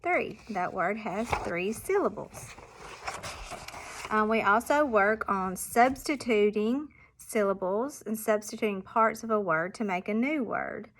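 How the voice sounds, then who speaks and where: A woman who teaches primary school explains reading exercises to parents, patiently sounding out sample words with clear emphasis. Her mid-range voice is a little slow.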